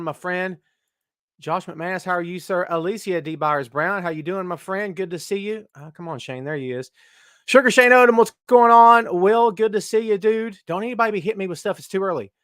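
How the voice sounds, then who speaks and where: Man, middle-aged, high pitch, dry close sound, live-stream host, loud joking banter. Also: no room sound. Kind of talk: casual live-stream chat.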